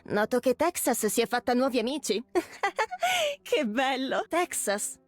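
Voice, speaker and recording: Woman doing a gleeful crazy mercenary girl from a game, high voice all over the place, game music under it. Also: expressive, moderate pace, natural voice. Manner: playful, menacing, laughing. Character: gleeful power-hungry female mercenary. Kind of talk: Italian game voice line.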